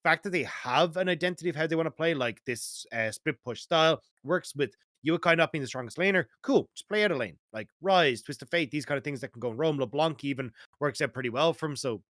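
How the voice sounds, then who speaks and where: Man, Irish accent, casual esports chat, rambling, bright tone, dry sound. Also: on the high side, a little fast, hardly any pauses, no echo. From Ireland. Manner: rambling, filler-heavy, laughs often. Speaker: esports panel co-host.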